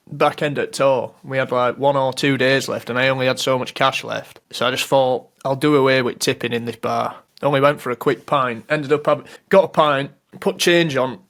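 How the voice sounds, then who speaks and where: A man's voice: medium pitch, a bit bright. A man, co-hosting a podcast and telling stories about pet peeves in casual chat. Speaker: podcast co-host.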